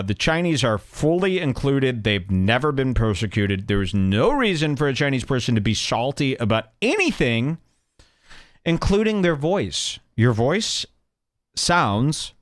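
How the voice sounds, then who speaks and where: A male comedy radio host ranting in a sarcastic, mock-grave way. His voice leaps up and down with wide swings in pitch. It sounds close and dry, with no room echo. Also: very animated. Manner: sarcastic, mock-serious, deliberately offensive. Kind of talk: provocative comedy rant.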